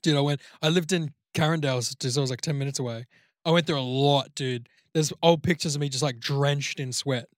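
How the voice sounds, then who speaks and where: A man's voice: mid-range voice, a little fast, dry recording, clean studio sound. A man, co-hosting a casual podcast and bantering playfully. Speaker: podcast co-host. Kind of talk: casual chat.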